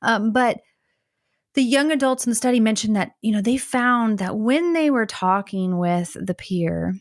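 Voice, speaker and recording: A woman co-hosting a podcast, explaining ideas in a thoughtful way, with pauses and fillers. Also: a little high, dry recording, clean studio sound. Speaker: podcast co-host. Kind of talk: conversational podcast discussion.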